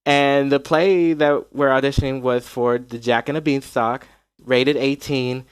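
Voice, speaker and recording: A man's voice: medium pitch, steady tone, unhurried, smooth, dry recording. A man from North Carolina chatting casually, rambling with lots of likes and restarts. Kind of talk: casual podcast chat.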